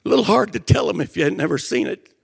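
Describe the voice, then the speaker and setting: An older man preaching a fervent sermon, emotional, swinging from shouted passages to quiet storytelling. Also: high-pitched, expressive, quick pace, vocal fry, husky.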